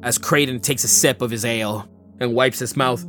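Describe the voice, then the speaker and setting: A man's voice: mid-range voice, steady tone, normal speed, fairly bright tone, soft background music. A man narrating a tabletop game as game master, descriptive and loose with casual fillers.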